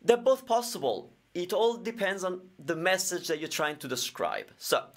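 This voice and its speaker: A man's voice: high-pitched, expressive, moderate pace, fairly bright tone. A man with Italian as his first language, teaching grammar in a live-streamed question and answer lesson, explaining with everyday examples.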